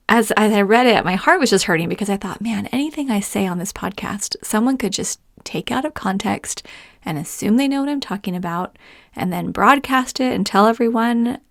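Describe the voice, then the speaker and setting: A woman's voice: medium pitch, no room sound, studio quality. A middle-aged woman hosting a podcast, telling personal stories in a chatty way and laughing often. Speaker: podcast host. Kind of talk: personal storytelling monologue.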